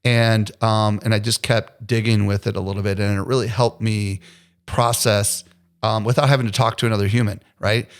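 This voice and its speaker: A man's voice: on the low side, flat delivery, moderate pace. A man hosting a podcast, talking in an encouraging, conversational way. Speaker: podcast host. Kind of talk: casual interview conversation.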